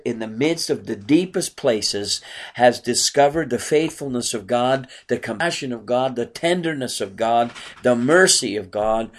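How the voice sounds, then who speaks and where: Earnest male preacher delivering a sermon. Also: medium pitch. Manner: earnest preaching with many rhetorical questions.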